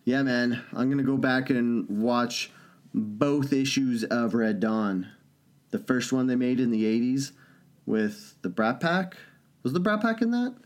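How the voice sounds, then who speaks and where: A man's voice: medium pitch, a little slow. A man co-hosting a podcast in casual banter, joking and swearing a lot. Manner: profane, joking, animated. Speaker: podcast co-host.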